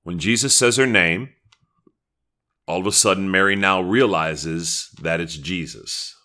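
Male pastor, deep bright voice, casual sermon delivery with prayer asides. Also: unhurried. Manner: conversational teaching with prayerful asides.

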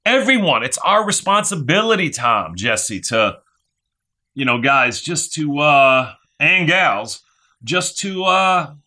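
Fervent, lively-voiced male preacher. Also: a little high. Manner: fervent preaching, repeats phrases, asks "right?". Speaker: pastor. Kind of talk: sermon.

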